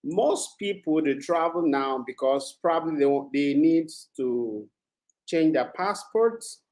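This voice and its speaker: Slow-talking Nigerian man. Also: on the high side, animated, darkish tone. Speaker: podcast panelist. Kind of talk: casual panel discussion.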